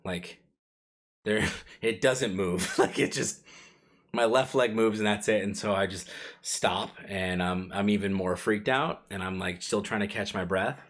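A man's voice: lowish voice, a little slow, a bit bright. A man co-hosting a podcast, telling a personal story casually, full of fillers and chuckles. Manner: rambling, filler-heavy, laughs while telling. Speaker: podcast co-host.

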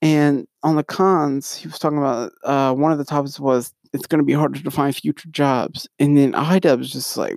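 A man's voice: on the high side, steady tone, moderate pace, creaky, hardly any pauses, darkish tone, dry recording, clean studio sound. A young man co-hosting a podcast, ranting in a rambling way and often restarting his sentences. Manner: rambling, frequently restarts and sidetracks. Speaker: podcast co-host. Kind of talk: casual ranting commentary.

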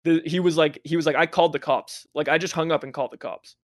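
A man's voice: fairly high pitch, quick pace, dry recording, studio quality. Young man telling a wild story. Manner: profane, laughing, animated anecdote telling. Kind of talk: casual storytelling chat.

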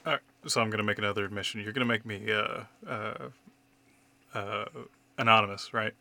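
Brief: man in his thirties, bright, forward voice sitting a little low, candid storyteller who swears a lot. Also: steady tone, fairly quick, creaky, slight background noise. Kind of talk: casual conversation.

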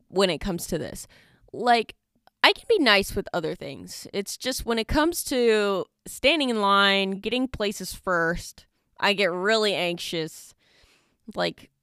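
A woman's voice: medium pitch, a bit bright, clean tone, no echo, studio quality. A woman in her twenties hosting a casual solo podcast, chatty and rambling with lots of fillers. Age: 20s. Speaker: podcast host. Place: dorm study room.

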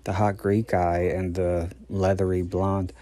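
Slow, low-voiced man musing aloud. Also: flat delivery, mellow, no echo. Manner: meandering, thinking aloud. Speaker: podcast host. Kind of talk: casual movie commentary.

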